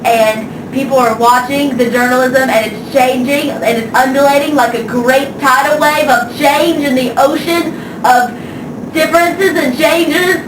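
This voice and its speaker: A woman's voice: high-pitched, a little slow. A woman doing a smug, pompous male TV pundit. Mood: deadpan. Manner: deadpan mock-pompous, rambling. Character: smug male conservative TV pundit, middle-aged. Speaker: student playing an interview guest. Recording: echoey room from far off, noisy.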